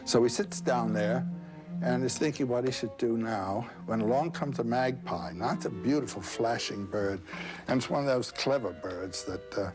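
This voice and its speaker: A man retelling an old myth in conversation, halting with fillers and asides. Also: medium pitch, over music, poor audio. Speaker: guest storyteller.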